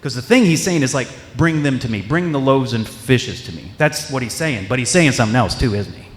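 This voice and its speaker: A male pastor preaching a casual, chatty sermon, slipping into quoted voices and stopping to restart his thoughts. His voice sits at an ordinary middle pitch, and the church sanctuary gives it a roomy echo with a long reverb tail. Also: animated, a little fast. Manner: conversational, acts out quoted voices, many restarts. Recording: echoey hall with long reverb.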